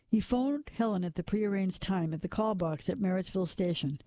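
A man reading a dark crime story as a measured narrator, sometimes dropping to a whisper at tense moments. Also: high voice, no echo. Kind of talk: scripted noir narration.

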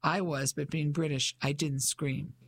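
Narrator doing a practical British woman, steady, reassuring, storybook reading. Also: medium pitch, unhurried, vocal fry. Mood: calm.

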